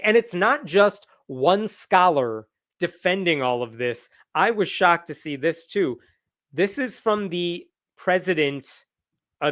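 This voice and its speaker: A man's voice: sits high, fairly bright tone. A man giving commentary on a lawsuit he reads aloud, talking in an indignant, emphatic and sometimes sarcastic way.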